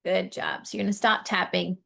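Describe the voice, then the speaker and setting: A woman coaching a live tapping session, gently guiding listeners through each point and encouraging them as she goes. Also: mid-range voice, flat delivery, brisk, creaky, husky. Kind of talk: guided tapping lesson, live.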